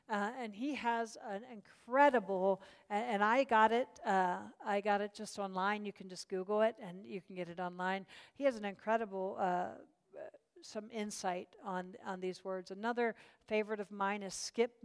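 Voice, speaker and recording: Bible study teacher in a reverberant hall. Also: female voice, mid-range voice, steady tone, moderate pace, clean tone. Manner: warm and encouraging, with many fillers and restarts.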